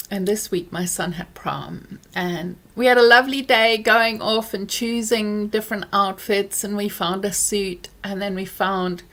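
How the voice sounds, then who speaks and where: A middle-aged woman chatting casually to camera at home, recounting a story about her son with candid reflection. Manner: candid, reflective, recounts dialogue with lively pitch swings. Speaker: vlogger, parent.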